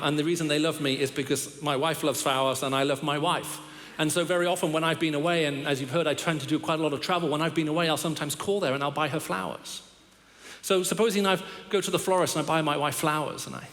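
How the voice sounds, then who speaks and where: In a large church hall with the long reverb of a big space, a middle-aged man preaches a guest sermon. He tells stories with humor and wry, self-deprecating asides, his voice a little high and fairly bright.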